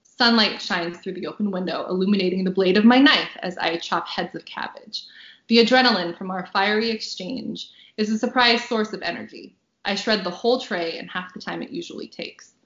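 A woman author reading a passage from her own novel aloud on a podcast, bubbly and quick to laugh between lines. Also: mid-range voice, a bit bright, echoey room, lo-fi sound. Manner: bubbly, laughs often, reads with dry punchy delivery.

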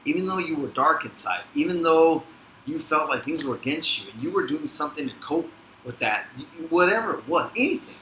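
A man's voice: fairly high pitch, lively intonation, brisk, sharp tone. A man hosting a podcast, reflecting and encouraging his guest. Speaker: podcast host. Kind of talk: casual interview. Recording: echoey room, faint noise.

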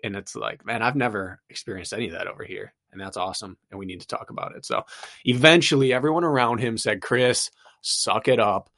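A man's voice: lowish voice, fast, gravelly, a bit bright. A man hosting a running podcast and coaching his guest, talking in a chatty, upbeat way. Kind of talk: casual chat.

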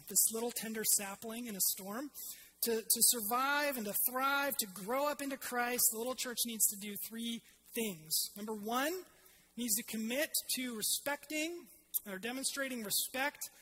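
A woman's voice: on the high side, bright, forceful tone, a little hiss or hum, rough recording. A woman preaching a sermon to her congregation in a conversational way, with fillers and restarts.

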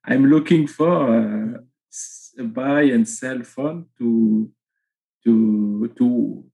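A man from the south of France with a Marseille French accent, speaking halting English with many fillers as an interview guest. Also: mid-range voice, creaky, mellow, poor audio. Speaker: guest, online seller.

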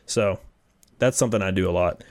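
A young man telling stories in casual chat, rambling and animated with lots of fillers. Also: low-pitched, brisk.

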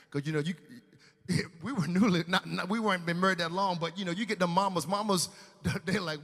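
A man preaching in a church sanctuary, his high, bright voice ringing with a long hall reverb. He tells his story with emotion, rising loud and then dropping to a hush. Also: quick pace. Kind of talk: sermon testimony.

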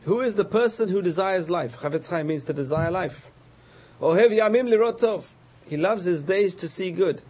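A man teaching a religious lesson, patiently explaining terms, repeating key words and pausing with frequent uh's. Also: high voice, slightly rough, dull audio. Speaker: Torah teacher.

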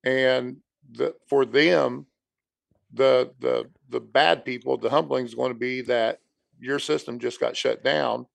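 A man's voice: medium pitch, fairly even intonation, takes it slowly, gravelly, no echo. A man co-hosting a podcast, talking in a rambling, conversational way and saying "dude" often. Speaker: podcast co-host. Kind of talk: casual chat.

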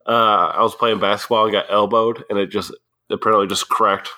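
A man's voice: on the low side, little pitch movement, fairly quick, bright, forceful tone, no echo. A man co-hosting a podcast in casual chat, telling stories and tossing in dry quips. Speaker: podcast co-host.

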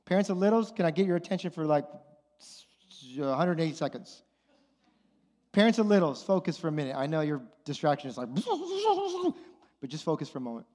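Speaking fast and animated with a fairly high pitch, a thirtysomething pastor addresses parents in a conversational sermon, repeating phrases often. Loud music and long hall reverb fill the recording.

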